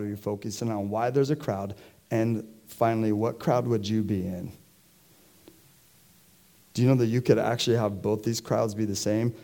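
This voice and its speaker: A man's voice: lowish voice, gravelly, warm tone. A man preaching a sermon to his congregation in a conversational way, often putting questions to the listeners. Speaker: pastor. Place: church.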